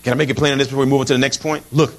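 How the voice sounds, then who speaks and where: A middle-aged man preaching a sermon in an animated, humorous way, with many asides to the congregation and frequent repeated words. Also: medium pitch, rapid-fire. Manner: repeats words and restarts phrases while preaching.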